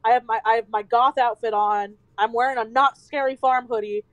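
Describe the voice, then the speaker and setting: A woman streamer telling a story in casual chat, animated and swearing freely. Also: fairly high pitch, a little fast, dry recording, dull audio.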